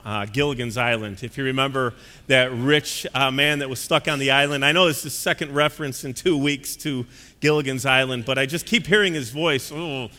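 A male pastor preaching in a folksy, chatty manner, dotted with "uh" fillers. His voice is bright and crisp, and it rings with long reverb through the church. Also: medium pitch. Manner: conversational and folksy, with frequent "uh" fillers. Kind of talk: sermon.

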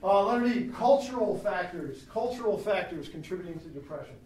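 A man's voice: sits high, brisk, slight background noise. Chatty man lecturing in an echoey room. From United States. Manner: chatty and animated, with asides and laughs. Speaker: teacher of a Christian class. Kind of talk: classroom lecture. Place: classroom. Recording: very echoey room, mic at a distance.

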